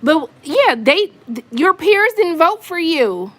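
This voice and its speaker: A woman's voice: very high-pitched, big pitch swings, slow, fairly bright tone. A woman chatting casually on a live stream from her apartment, venting in an exasperated way with lots of asides. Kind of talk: casual chat to viewers.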